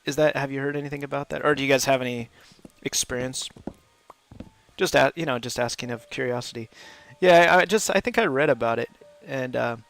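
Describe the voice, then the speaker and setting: A man's voice: medium pitch, fairly quick, creaky, fairly bright tone. A man chatting casually while he hosts a game livestream, rambling and laughing often. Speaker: livestream host, English teacher. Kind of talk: casual chat while gaming.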